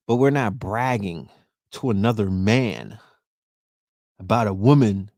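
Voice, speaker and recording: Gravelly man, casual profane talk. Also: mid-range voice, dry recording. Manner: loose, profane, keeps asking "you know what I mean?". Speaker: podcast host. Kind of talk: casual monologue.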